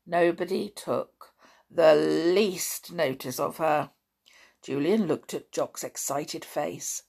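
A woman narrating a children's storybook in a measured reading voice. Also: low voice, creaky, a little mellow.

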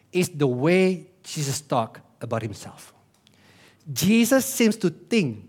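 A male pastor, preaching a sermon in a church, animated, with rhetorical questions and sudden drops to a hush. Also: on the high side.

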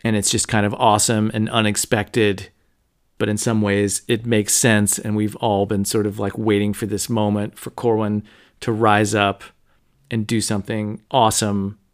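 A man hosting a podcast, talking through a novel in a low-key, conversational way with frequent fillers. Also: flat delivery, normal speed. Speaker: podcast host. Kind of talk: casual book discussion.

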